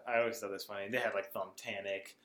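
A man's voice: on the low side, flat delivery, fast talker, fairly bright tone, roomy sound. A man co-hosting a podcast, chatting casually about a movie, filling his talk with "like" and laughing often. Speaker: podcast co-host. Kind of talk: casual movie review chat.

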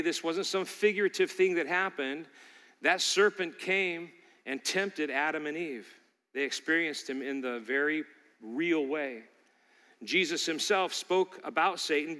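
A man's voice: fairly high pitch, sharp tone, in a large hall. A male pastor preaching a sermon, emphatic and fond of repeating key lines for emphasis.

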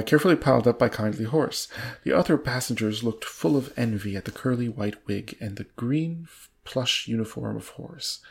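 Gravelly man stumbling through a book, amused. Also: medium pitch. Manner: stumbling, amused, laughs at the text. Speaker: reader. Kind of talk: reading a book aloud with banter.

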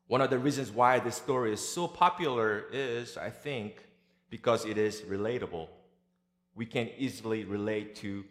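A man's voice: mid-range voice, fairly bright tone. Man preaching in an echoey church. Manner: measured, deliberate delivery with light humor. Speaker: pastor. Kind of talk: sermon. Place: large church sanctuary. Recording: echoey church hall with long reverb.

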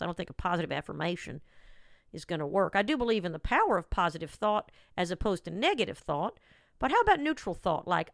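A woman's voice: on the low side, very animated, fast talker, no room sound, studio quality. Chatty self-mocking woman podcast host. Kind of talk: rambling comic monologue.

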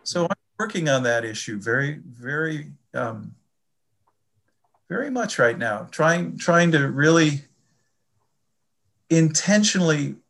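An older man from the Chicago area, talking about faith in a reflective, halting way and often repeating his words. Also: fairly high pitch, lively intonation, creaky, a bit bright. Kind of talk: casual faith conversation.

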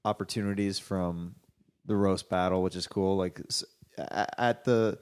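A man with a somewhat low voice hosts a relaxed podcast conversation. He asks his guest questions in a halting way, with many restarts. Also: smooth. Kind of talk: casual podcast chat.

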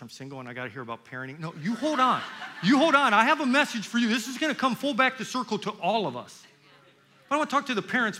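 Intense older male preacher. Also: high-pitched. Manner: intense, swings from loud to hushed. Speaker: pastor. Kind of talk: sermon. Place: church.

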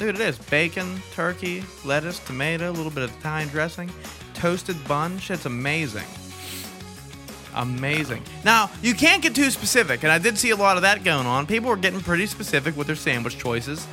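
A man's voice: a little high, lively intonation, a little fast, over music. A man co-hosting a casual podcast, laughing often and swearing freely as he rambles through stories. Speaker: podcast co-host.

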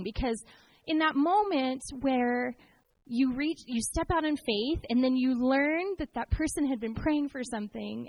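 A middle-aged woman telling an emotional personal faith story in a sermon-like way, acting out the voices in her story. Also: high voice. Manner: emotional, animated storytelling with quoted dialogue. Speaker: speaker sharing a testimony. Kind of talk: sermon-style personal testimony.

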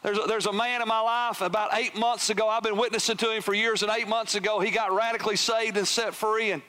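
A man preaching a sermon as pastor, swinging from loud emphatic peaks down to hushed, near-whispered lines. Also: high voice, steady tone, quick pace.

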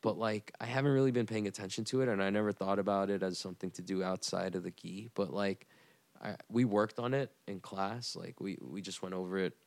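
A man's voice: low voice, fairly even intonation, fairly quick, no room sound. A man co-hosting a podcast, chatting loosely with lots of swearing and fillers. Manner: loose and profane, full of fillers. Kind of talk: casual chat.

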